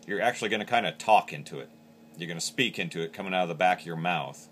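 A man's voice: low-pitched, quick pace, fairly bright tone, a little hiss or hum. A man teaching how to use a game call, explaining each step plainly. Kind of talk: hands-on instructional demo.

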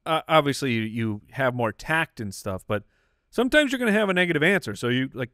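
A man co-hosting a comedy podcast, chiming in with agreeable, quick jokey asides in casual banter. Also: medium pitch, big pitch swings, fairly bright tone, no room sound, studio quality. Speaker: podcast co-host.

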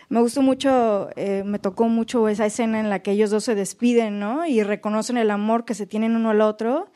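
A woman's voice: fairly high pitch, a little mellow. A young woman, earnestly sharing a personal story at a retreat and translating herself, with frequent restarts. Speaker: retreat participant.

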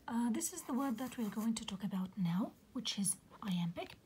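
A woman teaching a literature lesson in a soft, half-whispered voice, patiently explaining and filling pauses with "okay". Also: fairly high pitch, animated, a little hiss or hum, rough recording. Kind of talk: recorded lecture on poetic meter.

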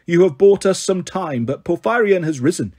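A man's voice: high-pitched, expressive, moderate pace, darkish tone, husky. A man voicing a haughty, commanding queen goddess who speaks with scorn. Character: haughty imperious queen goddess, female, ancient.

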